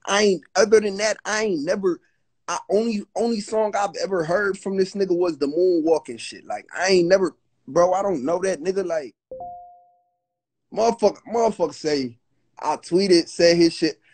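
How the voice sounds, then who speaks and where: Husky high-pitched young man, agitated. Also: normal speed, a little mellow. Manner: agitated, restarts, profane, retells quotes. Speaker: guest on a livestream. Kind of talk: heated casual storytelling. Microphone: phone on a live video call.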